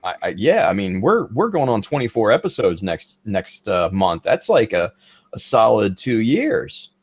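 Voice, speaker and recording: A man's voice: fairly low pitch, sing-song, moderate pace, no room sound. Laid-back man hosting a podcast. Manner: laid-back, filler-heavy, friendly sign-off. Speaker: podcast host. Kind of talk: casual chat.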